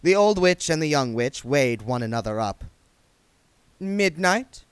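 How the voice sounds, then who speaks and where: A man's voice: mid-range voice, moderate pace, smooth, no room sound. A man reading a novel aloud, narrating expressively. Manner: expressive storytelling. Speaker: reader. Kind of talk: audiobook narration.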